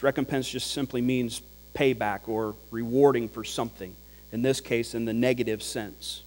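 A man's voice: mid-range voice, steady tone, normal speed, darkish tone. A man preaching a sermon, teaching in an explanatory way, with examples and repetition for emphasis. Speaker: pastor. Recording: hall reverb with mains hum.

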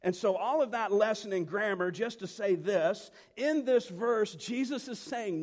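A man's voice: sits high, a little slow, hardly any pauses. A man preaching a sermon as pastor, teaching the text in an emphatic manner that builds to passionate repetition. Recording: long hall reverb.

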